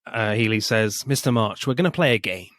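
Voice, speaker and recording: A man's voice: lowish voice, lively intonation, a little fast, a bit bright, dry recording. Amused man quoting film lines, dry sound. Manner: amused, laughs while quoting favorite lines. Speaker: podcast co-host. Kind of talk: casual film chat.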